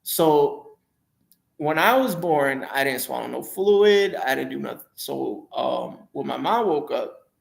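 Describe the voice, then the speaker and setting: Gravelly man rambling through a personal story. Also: medium pitch, animated, takes it slowly. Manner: rambling, hesitant, repeats himself, self-corrects. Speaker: vlogger telling his life story.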